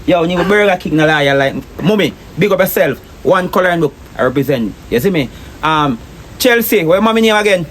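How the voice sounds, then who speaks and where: A man with a Jamaican accent hosting a channel, giving energetic casual shout-outs to the fans. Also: high voice, fairly quick, slight background noise. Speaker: host of a channel greeting fans.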